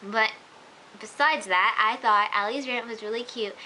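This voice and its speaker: A young woman talks through a TV episode in a casual, gushing vlog. Her voice sits fairly high and sounds bright and crisp. She leans hard on "like" and "oh my gosh," and a faint hiss runs under the recording. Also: a little slow, poor audio. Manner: gushing, chatty, many "like" and "oh my gosh". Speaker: vlogger.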